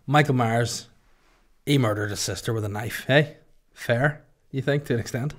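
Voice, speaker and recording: A man's voice: mid-range voice, normal speed. Rambling Northern Irish man telling a story. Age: 30s. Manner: rambling, sweary, jokey asides to his co-host. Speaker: podcast host. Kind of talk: casual comedic storytelling.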